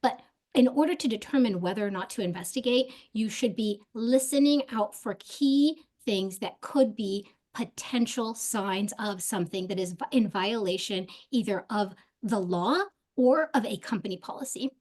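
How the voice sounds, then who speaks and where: A woman speaking as a guest on a webinar panel, animated and emphatic, with many fillers. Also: medium pitch, normal speed.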